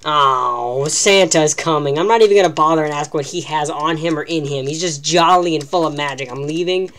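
A woman's voice: low-pitched, fairly quick, fairly bright tone. A woman giving live, self-mocking commentary while playing a video game, talking to herself as she plays. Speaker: gaming channel host.

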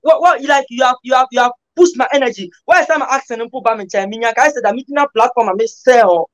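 A man with a Ghanaian accent trades playful banter as an interview guest. His voice sits high. He talks in a loose, rhythmic way and keeps breaking into chanted freestyle lines. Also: fast talker, a bit bright, poor audio. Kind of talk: casual interview banter mixing Ghanaian Pidgin and Twi.

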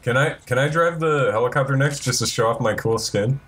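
A man's voice: mid-range voice, brisk, a bit bright, slight background noise. A man guesting on a let's play, casually helping his friends with tips on the game. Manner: helpful, explains game controls. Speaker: guest player. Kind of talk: casual gaming banter.

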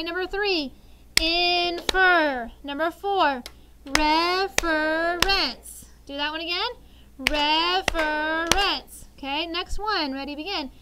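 A woman teacher leading a classroom vocabulary lesson, explaining words clearly and drawing them out syllable by syllable. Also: high voice, noisy background.

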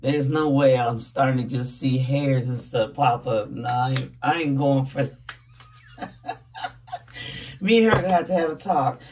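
Woman tarot reader, groggy morning voice, chatty, set back from the mic, steady noise behind her. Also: extremely low pitch, measured pace, long pauses, far from the mic. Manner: chatty, laughing, calls viewers babies and loves. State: groggy just-woken voice. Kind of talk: casual tarot reading to camera.

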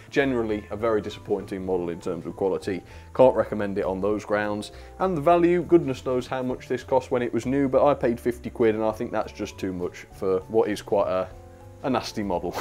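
A young British man talks through a model train review in a loose, chatty way, with plenty of chuckles and frank opinions. His voice sits a little low for a man. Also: dark tone. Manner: chatty, laughs often, blunt opinions. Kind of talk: casual video review.

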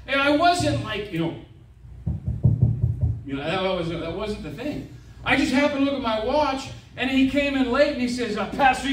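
A middle-aged man preaching a sermon as a visiting evangelist, animated, with stammered restarts and frequent amens. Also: very high voice, far from the mic, a little hiss or hum. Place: church sanctuary. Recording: echoey church, voice from afar.

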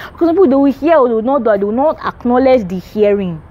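A woman's voice: fairly high pitch, animated, fast, mellow. A young adult woman gives an emphatic, repetitive faith teaching to camera, urging her listeners on. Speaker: Christian vlogger.

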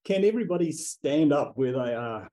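A man's voice: a little high, expressive, normal speed, mellow, rough recording. A man teaching a language class, enthusiastically leading the group through chanted call-and-response drills.

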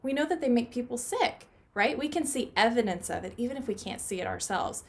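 A woman teaching a children's Bible lesson from her home playroom, talking gently to the kids and asking them questions. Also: fairly high pitch, lively intonation, brisk.

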